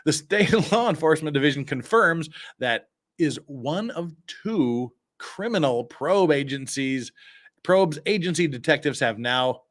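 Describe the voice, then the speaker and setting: A man's voice: a little high, animated, measured pace. Sarcastic Utah-accented male stream host. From Cache Valley, Utah. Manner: sarcastic asides while reading news aloud. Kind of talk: casual live-stream news commentary.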